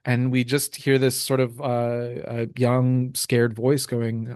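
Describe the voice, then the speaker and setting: A man in a tabletop game session, reading rules and narrating scenes in a relaxed, rambling way. His voice sounds close and dry, and his pitch is middling. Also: slow pace, few pauses, dry recording. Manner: relaxed, full of ums and uhs.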